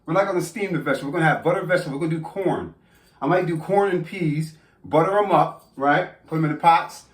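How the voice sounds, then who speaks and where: A man chatting casually to his viewers while he cooks in a home kitchen, excitable and talking straight to the camera. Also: a little high, fast. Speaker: cooking vlogger. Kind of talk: casual cooking vlog.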